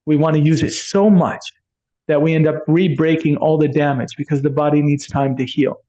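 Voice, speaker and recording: Rambling man with a higher voice. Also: fairly even intonation, normal speed, dark tone. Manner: rambling, enthusiastic, acts out dialogue. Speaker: energy healer telling his story. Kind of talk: casual storytelling monologue. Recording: dull lo-fi sound.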